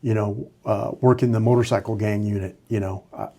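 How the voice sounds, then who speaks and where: A man's voice: lowish voice, fairly even intonation, fairly quick, gravelly, dark tone. A man in his sixties, a retired sheriff's lieutenant, telling candid stories in a casual podcast interview with frequent fillers.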